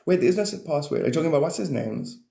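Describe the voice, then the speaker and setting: Man, livestream chat, rambling and profane, laughs a lot, warm dark tone, roomy echo. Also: a little high, lively intonation, rapid-fire, gravelly. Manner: rambling, swears freely, laughs often. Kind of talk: casual livestream chat on spirituality.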